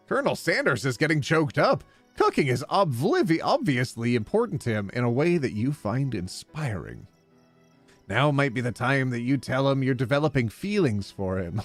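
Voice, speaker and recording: A young man streaming a dating sim, reading the game's text aloud with playful commentary, animated and quick to yelp. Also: mid-range voice, soft background music. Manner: animated, jumping from flat reading to excited yelps.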